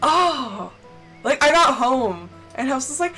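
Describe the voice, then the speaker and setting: A woman's voice: high-pitched, very animated, normal speed, over music, poor audio. A woman streamer casually telling a story while gaming, swearing often and ranting with indignation.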